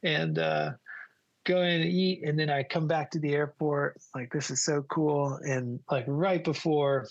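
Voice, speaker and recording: A man, a guest photographer, telling a story in a casual, animated way and laughing as he goes. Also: a little high, a little slow, gravelly, highs cut off.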